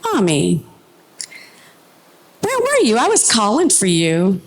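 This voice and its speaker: A woman's voice: medium pitch, wildly swooping pitch, slow, voice pushed up, heavily acted. A woman voicing a frightened little boy who calls for his mother in a small, plaintive voice.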